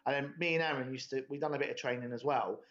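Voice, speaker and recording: A man's voice: medium pitch, fast talker, a bit bright. A young man, telling a rambling, sweary story in laddish podcast chat. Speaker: podcast host. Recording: dull lo-fi podcast audio.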